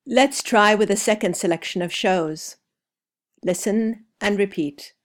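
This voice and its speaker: A woman leading a listen-and-repeat pronunciation drill, saying each word slowly and clearly. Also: mid-range voice. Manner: slow, deliberate, clearly spaced words. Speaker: language teacher. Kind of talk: slow scripted pronunciation drill.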